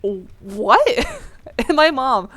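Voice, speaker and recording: While gaming, this channel host drifts through a casual childhood story packed with fillers. She speaks in a mid-range voice at a slightly slow pace.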